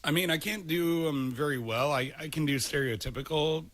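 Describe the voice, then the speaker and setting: A man's voice: a little high, normal speed, fairly bright tone, no echo. A man hosting a podcast in casual chat, rambling and opinionated. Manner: rambling, opinionated, laughs easily. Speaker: podcast host.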